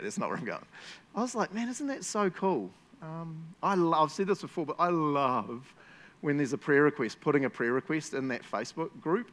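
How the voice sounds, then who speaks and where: A man preaching a casual sermon as pastor, chatty and animated, laughing often as he tells stories. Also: mid-range voice. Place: church.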